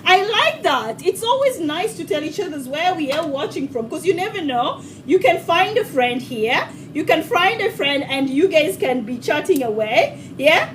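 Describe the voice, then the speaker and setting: A woman with a high, bouncy voice hosts a live cooking stream from her home kitchen. She chats warmly with viewers, calling them sweetheart. Her voice is a little distant from the mic, and there is faint noise behind her. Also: very animated, moderate pace. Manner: chatty and affectionate, calls viewers sweetheart. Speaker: cooking show host.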